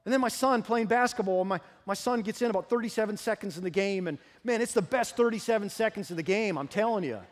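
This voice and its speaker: A male pastor preaching a sermon, telling lively, humorous stories from his own life. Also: high voice, fast talker, few pauses. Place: church sanctuary. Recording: long hall reverb in a church.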